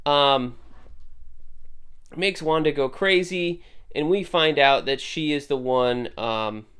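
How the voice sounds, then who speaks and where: Smooth-voiced man reviewing comics casually. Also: on the high side, slow, a bit bright. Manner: rambling, self-correcting, conversational. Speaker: host.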